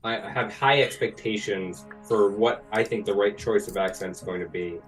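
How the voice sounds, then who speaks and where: A man's voice: lowish voice, steady tone, normal speed, soft background music. A man on a casual talk show giving earnest advice, recorded from away from the microphone. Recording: distant from the mic.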